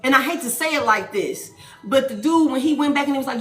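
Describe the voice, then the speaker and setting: Profane, animated woman tarot reader. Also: sits high, fast. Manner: animated, profane, repeats lines for emphasis. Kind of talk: casual tarot reading. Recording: echoey room, faint music behind.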